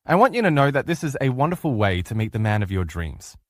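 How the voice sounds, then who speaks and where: Guy coaching on relationships, really animated pitch, super dry close sound, punchy storyteller. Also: fast, dry recording. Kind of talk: motivational lecture.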